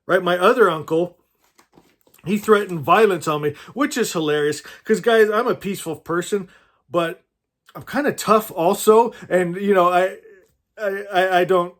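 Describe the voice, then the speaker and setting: A man's voice: high-pitched, steady tone, normal speed, a bit bright. A man giving an informal, earnest sermon, rambling through personal stories with frequent restarts and asides to his listeners. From California, USA. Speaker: spiritual teacher.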